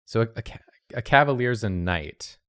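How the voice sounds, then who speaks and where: A man talking through his drawing in relaxed casual chat. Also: lowish voice, normal speed. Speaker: artist, show regular.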